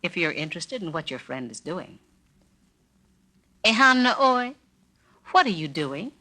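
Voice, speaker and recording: A woman narrating a scripted spoken-word language lesson, saying each phrase slowly and carefully and repeating it for the listener. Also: lowish voice, very animated, bright, forceful tone. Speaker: language teacher narrating a record.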